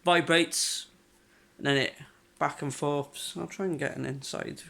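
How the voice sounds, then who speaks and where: A man's voice: on the high side, steady tone, a little slow, vocal fry, background noise. Young man, casual home vlog, chatty, matter-of-fact, ill with covid. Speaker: vlogger. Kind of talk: casual vlog talk to camera.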